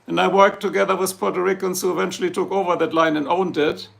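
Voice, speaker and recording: Speaking fast with a German accent, a man from Germany hosts a casual livestream and rambles jokingly through viewer comments. His high-pitched voice is creaky and fairly bright, and his tone stays level.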